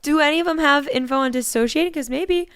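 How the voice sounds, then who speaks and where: A woman's voice: high-pitched, fast talker, a bit bright, no echo, studio quality. A young woman co-hosting a podcast, rambling in casual chat and self-deprecating, with lots of "like" in her sentences. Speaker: podcast co-host.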